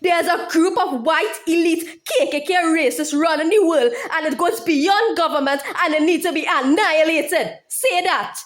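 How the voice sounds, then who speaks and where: A woman's voice: extremely high pitch, normal speed, hardly any pauses. A woman YouTuber speaking in an impassioned monologue, heated and profane, repeating her phrases over and over.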